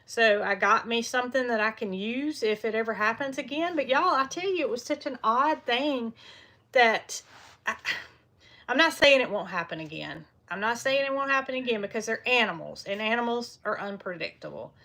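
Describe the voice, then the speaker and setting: A chatty, folksy woman talks on a live stream from a small indoor farm room. Her voice sits a little high and has a sharp, forceful brightness. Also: moderate pace. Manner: chatty and folksy, often stops to coo at baby animals. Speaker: farm vlogger. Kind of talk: casual live-stream chat.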